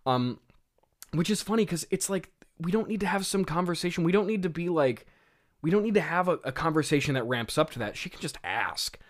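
A man's voice: a little high, animated, a little fast. A man in casual commentary, laughing often and self-mocking as he talks through his old script. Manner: giggly, frequent laughter and filler words. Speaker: writer reviewing his own old script.

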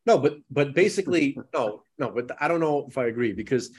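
A man's voice: mid-range voice, animated, fairly quick, slightly rough. A man co-hosting a podcast in casual conversation, talking in a rambling way with many restarts and "you know"s. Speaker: podcast co-host.

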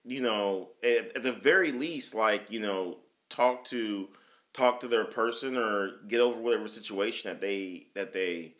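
A man's voice: fairly low pitch, measured pace, fairly bright tone. A man co-hosting a casual chat podcast, rambling with many restarts and fillers. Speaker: podcast co-host.

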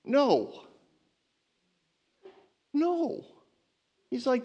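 Pastor, male, high voice, lively conversational sermon with jokes. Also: moderate pace, dull audio. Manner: lively, conversational preaching with playful asides.

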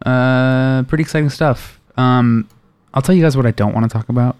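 A man's voice: medium pitch, moderate pace, darkish tone, clear, resonant tone, no room sound. A man hosting a casual gaming podcast, joking dryly and steering the talk between topics. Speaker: podcast host.

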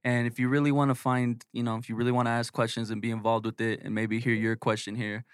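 A man's voice: mid-range voice, flat delivery, fast, clear, resonant tone, no echo, clean studio sound. A man co-hosting a podcast in casual chat, joking and loose, now and then reading ad copy. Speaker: podcast co-host.

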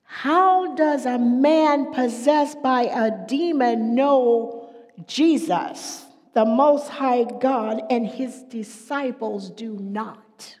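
A middle-aged woman delivers a sermon in an unhurried, measured way, her voice sitting a little high. She drifts from near-whispers to loud, pressing emphasis. The recording rings with the long reverb of a large hall. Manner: swings between hushed whispers and loud emphatic preaching. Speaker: preacher.

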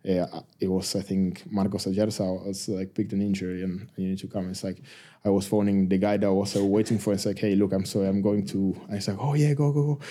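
A man, a rugby player telling stories as a guest in a casual interview, halting and full of restarts. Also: low voice. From Argentina. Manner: halting, many restarts and fillers, relaxed.

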